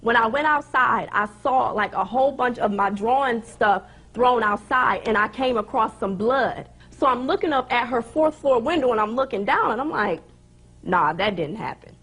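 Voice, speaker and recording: A woman gives testimony as a plaintiff before a judge. Her voice is fairly high and husky, and she tells her story in an agitated rush, acting out the other people's words as she goes. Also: normal speed, few pauses, fairly bright tone. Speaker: plaintiff in a small claims case. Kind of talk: testifying on a courtroom show.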